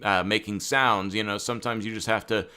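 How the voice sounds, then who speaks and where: A young man co-hosting a casual sports-broadcasting chat, talking conversationally with many fillers and getting animated when excited. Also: on the low side, brisk, clean tone. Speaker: co-host.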